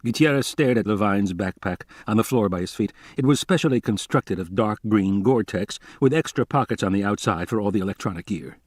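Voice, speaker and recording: A man's voice: on the low side, expressive, a little fast, few pauses, a little mellow, no room sound, studio quality. A man reading a novel aloud as an audiobook narrator, telling it steadily. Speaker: audiobook reader.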